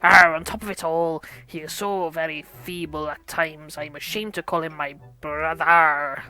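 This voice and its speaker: A woman voicing a gruff old male swordsman in a drawling pirate growl while reading game dialogue aloud. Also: low-pitched, fairly even intonation, a little slow, sharp tone, soft background music. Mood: instructive.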